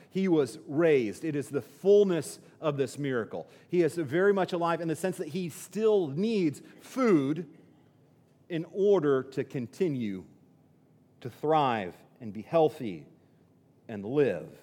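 Male pastor, slightly high voice, conversational sermon delivery with restarts, recorded in a reverberant hall. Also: dark tone. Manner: conversational, repeats words and restarts, acts out quotes.

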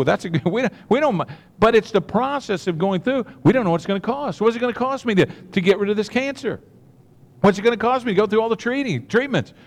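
A man's voice: sits high, big-room sound. A man preaching a sermon, earnest and repetitive, with many restarts and direct asides to the congregation. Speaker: pastor.

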